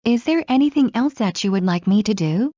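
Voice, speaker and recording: A woman's voice: medium pitch, expressive, warm tone, no echo. Woman reading phrases, dull lo-fi sound. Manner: clear, measured, evenly paced reading. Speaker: English phrase reader. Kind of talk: slow read-aloud phrase drills. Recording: dull lo-fi recording.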